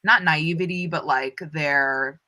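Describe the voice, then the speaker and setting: Low-pitched bright young woman chatting. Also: slow pace. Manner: enthusiastic, playful asides. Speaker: book club co-host. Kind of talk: casual chat.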